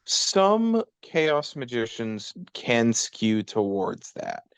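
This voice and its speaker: A man co-hosting a casual podcast, explaining occult concepts in a measured, lecturing way. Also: medium pitch, very animated, clear, resonant tone, no room sound. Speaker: podcast co-host, chaos magic practitioner.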